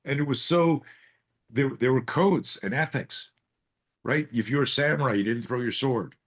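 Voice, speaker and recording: A man's voice: medium pitch, normal speed. A man coaching self-defense on a live group video call, telling stories with lots of swearing and rhetorical questions. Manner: profane, animated storytelling with rhetorical questions.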